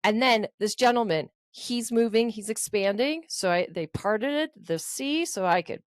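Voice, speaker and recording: A woman co-hosting a podcast, telling a story in an animated way and swearing freely. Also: on the high side, a little slow, no echo. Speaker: podcast co-host. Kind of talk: casual chat.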